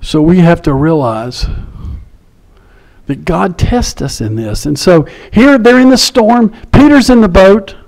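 A male pastor preaching a sermon in an animated way, acting out the people he quotes. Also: sits high, unhurried, gravelly, rough recording. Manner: animated, acts out quotes in shifting voices.

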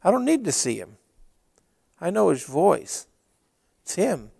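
High-voiced guy preaching, swings up and down a lot, tells stories then gets emphatic. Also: very animated, a little slow, vocal fry, darkish tone, breathy edge, dry recording, studio quality. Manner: storytelling, builds to emphatic preaching. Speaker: pastor. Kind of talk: sermon.

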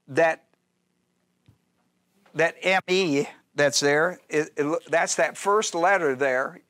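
A man's voice: a little high, a bit bright, no room sound, studio quality. A man teaching a Bible study as pastor, talking in an emphatic, repetitive way and checking often that his listeners follow.

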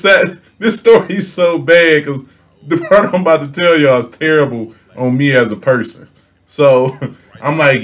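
A young man spins a comedic story for his viewers. He talks in loose slang, laughs often, and acts out each character's lines. His voice sits at an average pitch but rises and falls with wide, animated swings. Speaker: storytelling vlogger.

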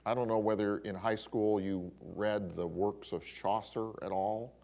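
Animated man teaching a Bible class. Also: lowish voice, normal speed, hardly any pauses. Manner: animated storyteller with exclamations. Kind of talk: classroom lecture.

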